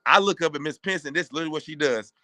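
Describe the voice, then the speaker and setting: A man's voice: on the high side, racing, no room sound. A man in his thirties from Kentucky, a former basketball player telling stories as a podcast guest and acting out what others said. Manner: animated, acts out other people's lines. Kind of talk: casual storytelling. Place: podcast studio.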